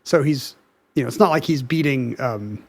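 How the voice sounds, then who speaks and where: A man's voice: mid-range voice, moderate pace, vocal fry. A man co-hosting a podcast, casually explaining facts and looking details up as he talks. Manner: explains facts, looks things up on the spot. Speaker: podcast co-host. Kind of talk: casual chat.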